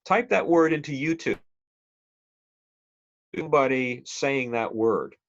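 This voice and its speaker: A man's voice: mid-range voice, expressive, slow, highs cut off. A male instructor giving a conversational, digressive classroom lecture and quizzing the class with questions.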